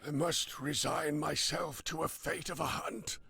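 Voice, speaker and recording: A sorrowful merchant from a dark video game, speaks slowly through a husky, gravelly throat. His lines sound dry and close. His manner is grave and theatrical. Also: on the high side, steady tone, heavily acted. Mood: impassioned. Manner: theatrical, solemn and mournful. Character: grieving male merchant hunting for his captive daughter.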